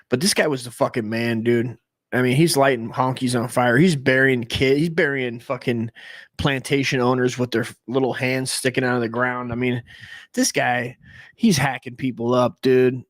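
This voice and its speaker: A man in his forties from the United States who hosts a comedy stream and talks in a rambling, profane, excitable monologue full of restarts. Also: medium pitch, moderate pace. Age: 40s.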